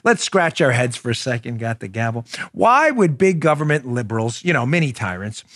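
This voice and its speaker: A man's voice: mid-range voice, very animated, fairly quick, fairly bright tone, no room sound, clean studio sound. A man hosting a political talk show, emphatic and combative, speaking straight to his listeners and reading ads.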